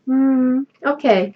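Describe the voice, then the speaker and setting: A woman's voice: high voice, highs cut off. A woman hosting a crafting channel, chatting casually as she opens mail, gushing and laughing often. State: tearful, choked up. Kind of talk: casual unboxing vlog.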